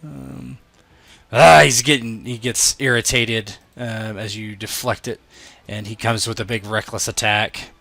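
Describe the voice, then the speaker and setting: A man running a tabletop game, his bright, gravelly voice relaxed and chatty. He narrates combat casually, with a few hesitations while he sorts out the rules. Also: fairly low pitch, unhurried, hardly any pauses, dry recording. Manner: casual, voices characters with sudden loud shifts. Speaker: game master.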